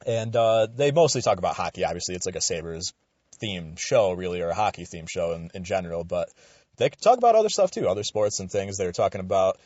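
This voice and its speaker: A young man from Western New York giving a casual, rambling opinion commentary, swearing freely and getting animated. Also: low-pitched, brisk, no room sound, highs cut off. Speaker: radio show commentator.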